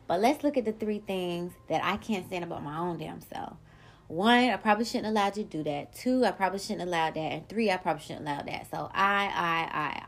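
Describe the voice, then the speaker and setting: Blunt, profane woman podcast host. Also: medium pitch. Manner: blunt and profane, animated storytelling. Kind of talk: casual solo podcast monologue.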